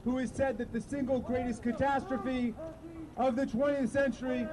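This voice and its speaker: Man shouting a protest speech outdoors. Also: very high voice, level tone, moderate pace, poor audio. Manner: chanting call-and-response, sarcastic jabs. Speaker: rally speaker. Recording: crowd noise outdoors. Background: crowd and street noise.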